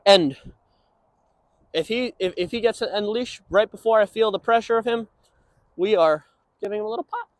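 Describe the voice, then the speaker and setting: A young man training a dog, explaining casually and breaking into high sing-song praise for it. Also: normal speed, pauses often, no echo. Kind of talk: instructional walk-and-talk.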